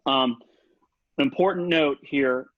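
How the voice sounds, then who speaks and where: Speaking slowly in a medium-pitched voice, a man gives a relaxed, chatty saxophone lesson over a video call from his home setup. He demonstrates rhythms and articulations with scat singing, and the audio is dull and lo-fi with no room sound.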